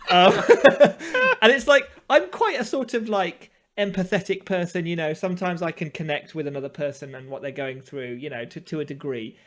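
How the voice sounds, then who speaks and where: A man's voice: high-pitched, very animated, moderate pace, hardly any pauses. A man co-hosting a podcast, rambling in casual chat with self-mocking laughs. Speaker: podcast co-host.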